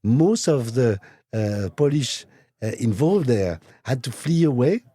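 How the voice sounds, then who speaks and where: Guy guesting on a chat show, mellow husky tone, stops and restarts a lot. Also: medium pitch, big pitch swings. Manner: hesitant, halting, repeats words. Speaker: watch brand executive, guest. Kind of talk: casual interview. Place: recording studio.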